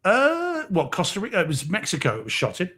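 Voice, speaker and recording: A man's voice: on the high side, very animated, rapid-fire, a bit bright, breathy edge. A British man co-hosting a casual live-stream chat, rambling and hesitant with lots of ums, laughing often. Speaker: co-host. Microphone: remote video-call mic.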